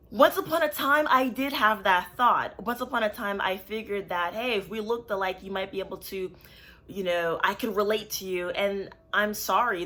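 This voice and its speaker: Bright-toned woman vlogger, candid and conversational, therapist by trade. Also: medium pitch. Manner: candid, conversational, many fillers. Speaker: licensed clinical social worker and therapist, channel host. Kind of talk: casual talk to camera.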